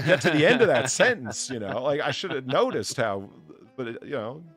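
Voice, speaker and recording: A man's voice: medium pitch, big pitch swings, a little fast, fairly bright tone, breathy edge, faint music behind. A man hosting a podcast, rambling and cursing through crude comedic banter with lots of stammering restarts. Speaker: podcast host.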